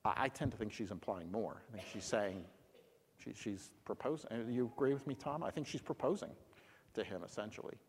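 A man leading a Bible study discussion, explaining a passage in an animated, storytelling way and acting out what the people said. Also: lowish voice, fairly quick, a little hiss or hum. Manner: animated storytelling, acts out lines. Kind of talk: teaching discussion. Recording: long hall reverb.

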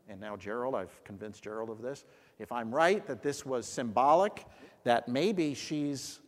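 A man leads a scripture discussion in a lively, storytelling manner, acting out the lines of the passage as he explains it. His voice sits at an ordinary middle pitch. It carries a long reverb, as if in a large hall. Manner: animated storytelling, acts out lines. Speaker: Bible study teacher. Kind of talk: teaching discussion.

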